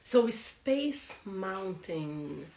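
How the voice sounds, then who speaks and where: A woman, a non-native English speaker, giving a casual pronunciation lesson, laughing often and repeating words slowly. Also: mid-range voice, sing-song, gravelly, darkish tone, roomy sound. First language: not English. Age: adult with a young son.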